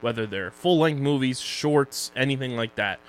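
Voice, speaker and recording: A man's voice: medium pitch, moderate pace, soft background music. A young man co-hosting a casual podcast about streaming shows, joking loosely as he runs through social plugs and sponsor reads. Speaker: podcast co-host.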